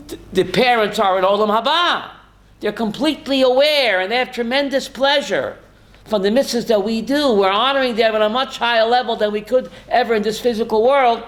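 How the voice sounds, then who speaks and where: An older man, a rabbi, giving a holiday sermon who puts questions to the congregation and answers them himself, telling stories with emphatic swings. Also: high voice. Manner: storytelling, swings from soft to emphatic.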